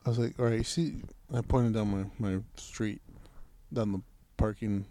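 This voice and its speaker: A man's voice: lowish voice, moderate pace. A man telling a long story in casual chat, swearing freely and acting out the arguments he had. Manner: profane, animated, acts out quoted arguments.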